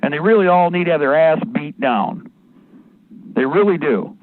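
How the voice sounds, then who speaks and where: A man's voice: fairly high pitch, animated, moderate pace, a little hiss or hum. A man hosting a live radio talk show, ranting angrily and rambling in a profane, combative way. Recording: tinny phone-like dry sound.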